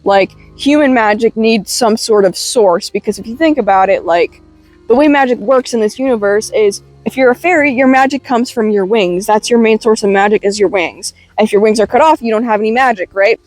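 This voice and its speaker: A woman's voice: fairly high pitch, a little fast, a little mellow, no room sound, soft background music. A young woman casually recapping a comic in a chatty way, full of "like" and casual swearing. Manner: chatty, swearing, filler-heavy "like". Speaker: webcomic reviewer.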